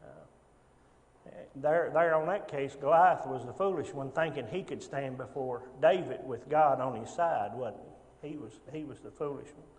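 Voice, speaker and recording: A man teaching an informal Sunday Bible class, speaking haltingly with frequent restarts and rhetorical tag questions, in a church classroom. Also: medium pitch, long reverb tail.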